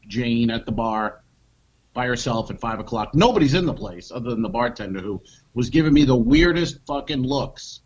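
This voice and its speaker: A man co-hosting a comedy podcast, telling an animated anecdote and acting out what people said. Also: medium pitch, moderate pace, husky, muffled recording. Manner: animated anecdote teller, acts out quotes, swears. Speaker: podcast co-host. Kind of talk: comedic storytelling chat.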